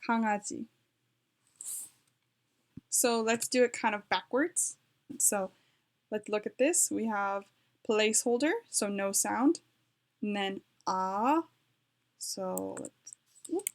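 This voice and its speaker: A woman's voice: mid-range voice, takes it slowly, pauses often. A woman giving a casual home tutorial, chatty and correcting herself as she types, with her dog nearby. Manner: chatty, self-correcting, talks while typing. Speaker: language learning vlogger.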